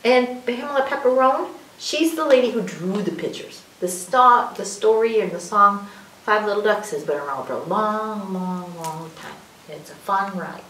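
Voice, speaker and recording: A woman leading a children's story time, reading aloud in a sing-song, expressive way and coaxing the young listeners with questions. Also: mid-range voice, normal speed. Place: library room. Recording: roomy, distant mic with faint hiss.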